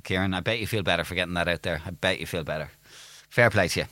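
An Irish man hosting a radio show, chatting in a teasing, brisk way. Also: deep voice, sharp tone, slight background noise. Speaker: radio host. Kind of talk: casual radio chat.

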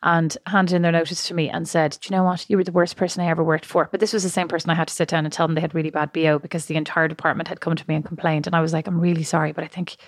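A quick-talking woman co-hosts a podcast, her voice sitting a little low. The chat rambles along with frequent laughs, and the sound is close and dry with no room around it. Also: little pitch movement, no room sound. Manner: chatty, rambling, laughs often. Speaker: podcast co-host. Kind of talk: casual chat.

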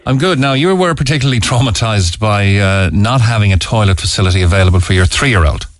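An Irish radio host with a lowish voice, recorded dry and close in the studio. He speaks in a measured, hesitant way, pausing with ums as he leads the phone-in. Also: no echo. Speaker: radio presenter. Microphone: studio mic.

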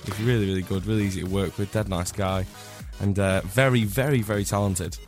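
A young man from Scotland, a singer guest, chatting in a radio interview with a slightly hoarse voice from flu, rambling and laughing often. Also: deep voice, fairly even intonation, brisk, faint music behind. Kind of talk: casual radio interview chat. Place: radio studio.

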